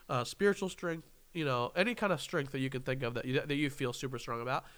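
A young man hosting a casual interview podcast, joking, rambling and laughing often. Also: fairly high pitch. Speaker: podcast host.

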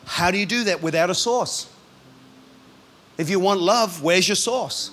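A man, a pastor, preaching a sermon in a lively, punchy way with quick asides. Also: high voice.

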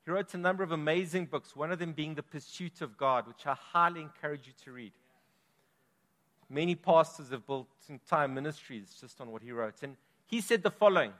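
A man's voice: fairly high pitch, normal speed, a bit bright. Emphatic male preacher in a big hall. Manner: emphatic, dynamic preaching with strong swells in volume. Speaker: pastor. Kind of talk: sermon. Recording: long reverb of a large hall.

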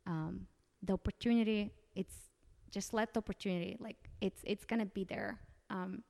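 A woman's voice: mid-range voice, steady tone, moderate pace, vocal fry, mellow, in a large hall. A woman who came to the United States as a podcast guest, talking earnestly and encouragingly at home, often repeating her phrases. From outside the United States. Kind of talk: casual interview chat. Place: home living room.

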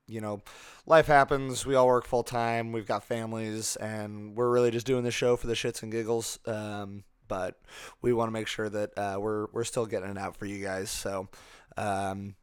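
A man speaks as host and game master of a tabletop podcast in a smooth, clear voice. He talks loosely, with plenty of ums and uhs. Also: fairly low pitch, no room sound, clean studio sound. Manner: relaxed, filler-heavy. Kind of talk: casual podcast chat.

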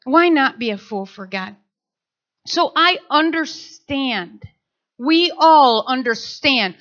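A woman's voice: high-pitched, slow pace, muffled recording. A woman preaching a sermon, telling stories animatedly and acting out quotes. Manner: animated storytelling with acted quotes.

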